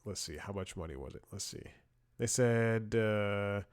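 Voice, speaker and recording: A man's voice: on the low side, unhurried, clear, resonant tone. A man hosting a comedy show, telling rambling stories with frequent chuckles and restarts, wry and blunt. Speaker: comedy podcast host. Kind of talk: rambling comedic storytelling and commentary.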